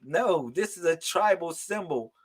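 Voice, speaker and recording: A man hosting a casual live stream of psychic readings, talking loud and slangy, laughing and calling out to viewers. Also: on the high side, expressive, unhurried, breathy edge. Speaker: livestream host giving psychic readings.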